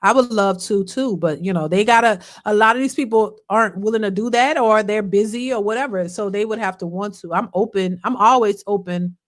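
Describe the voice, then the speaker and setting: A woman hosting a casual live stream, telling a funny story in an animated, colloquial way and answering chat comments. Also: mid-range voice, brisk, few pauses. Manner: animated, laughing, colloquial, swings from loud to hushed.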